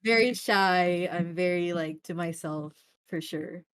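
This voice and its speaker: Woman, young adult, lowish voice, animated and filler-heavy, casual interview guest, dry close sound. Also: a little slow, clear, resonant tone, no room sound. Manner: animated, jumps between high and low, many fillers. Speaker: streamer and voice actor, interview guest.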